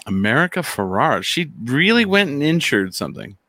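A man's voice: brisk, no room sound. A man hosting a casual chat and quiz, joking and swearing freely. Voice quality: joking, swears freely, animated swings in pitch. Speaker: podcast host.

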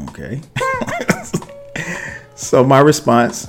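A man's voice: lowish voice, a little slow, long pauses, soft background music. Chatty man telling a story, laughing. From South Carolina, US. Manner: chatty, laughs often, many fillers and asides. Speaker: podcast host. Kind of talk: casual storytelling monologue.

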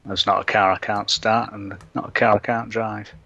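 A man, a tabletop player, introducing his character in a relaxed, chatty way. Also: fairly low pitch, moderate pace, creaky. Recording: dull dry lo-fi sound.

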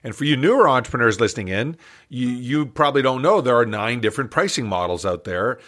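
Older man, bright forceful voice, animated storyteller, podcast guest, chuckles. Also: medium pitch, fast. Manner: animated storyteller who acts out dialogue, chuckling. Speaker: guest entrepreneur and business coach.

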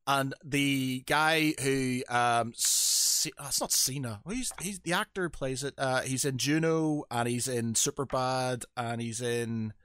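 A man's voice: mid-range voice, measured pace, few pauses, a bit bright, clean tone, no room sound, clean studio sound. Rambling man chatting on a podcast. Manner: rambling, self-interrupting storyteller. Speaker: podcast co-host. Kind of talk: casual chat.

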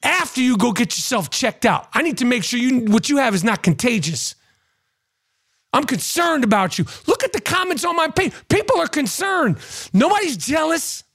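A man's voice: very high-pitched, very animated, normal speed, a bit bright. A man and podcast host ranting to camera, crude and mocking, often repeating himself. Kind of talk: profane ranting monologue to camera.

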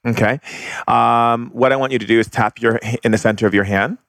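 A man speaking calmly, teaching about spirituality and leading the listener through a guided exercise. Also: medium pitch, a little fast, vocal fry, no room sound. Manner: calm, instructive, leads guided exercises. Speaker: shaman guest. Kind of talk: spiritual guidance conversation.

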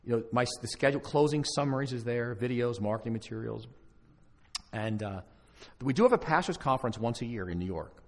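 A man's voice: mid-range voice, lively intonation, a little fast. A male pastor giving a conversational conference talk to church leaders, with frequent restarts and asides. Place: large conference hall. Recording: live hall recording with long reverb.

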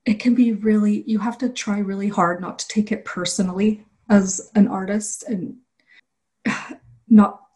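A woman who illustrates children's books, answering interview questions in a candid, relaxed way. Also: mid-range voice, unhurried.

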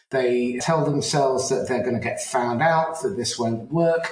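Male host, thoughtful interviewer, mid pitch, echoey room. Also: measured pace, few pauses. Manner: thoughtful, probing. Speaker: podcast host. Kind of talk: interview questions. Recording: roomy echo.

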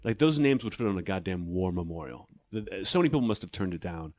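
A man, a comedian, chatting casually and telling sardonic stories at a quick clip, sometimes slipping into voices of the people he describes. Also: deep voice, animated, darkish tone, no room sound. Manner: fast, sardonic storytelling with voiced impressions. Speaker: stand-up comedian guest. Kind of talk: casual chat.

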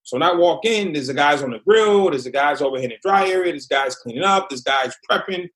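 A man speaking in a slightly high voice tells a story in an interview. His delivery is blunt and measured, with slow and deliberate phrasing. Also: lively intonation, a bit bright. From Massachusetts. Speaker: guest, former prisoner.

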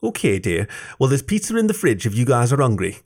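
A man voicing a kind middle-aged mother who speaks in a warm, motherly way. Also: medium pitch, wildly swooping pitch, a little fast, pitched above the performer's own voice.

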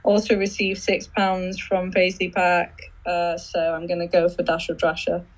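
Woman speaking in a flat, even tone. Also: lowish voice, measured pace, poor audio. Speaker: podcast panelist. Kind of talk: casual chat.

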